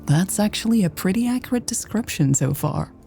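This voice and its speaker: A woman voicing a calm, affectionate woman who talks in a low, easy, gently teasing way. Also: brisk, gravelly, husky, soft background music. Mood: easygoing.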